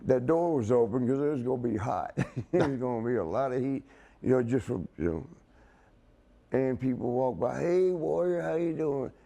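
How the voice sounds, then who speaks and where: A man's voice: mid-range voice, moderate pace, creaky, dark tone. A man telling a rambling story as a guest in a casual chat, laughing as he goes. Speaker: wrestling guest.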